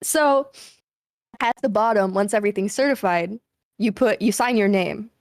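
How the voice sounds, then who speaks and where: Casual animated woman streamer, swearing. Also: mid-range voice, normal speed, no room sound, studio quality. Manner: animated, swears freely, laughs often. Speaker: streamer host. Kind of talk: casual storytelling chat.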